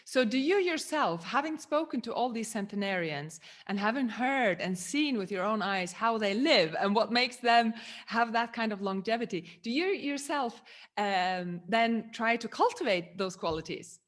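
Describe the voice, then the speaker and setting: A woman's voice: a little high, animated, moderate pace. A woman hosting a podcast interview, affirming often and asking reflective questions. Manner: supportive, frequent affirmations. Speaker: podcast host. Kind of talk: conversational interview.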